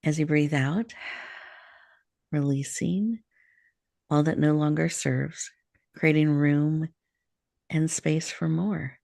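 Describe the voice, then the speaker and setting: Low, gravelly woman guiding meditation. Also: fairly even intonation, a little mellow, no room sound, studio quality. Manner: slow, soothing and invitational. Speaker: radio show host. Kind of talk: guided breathing meditation.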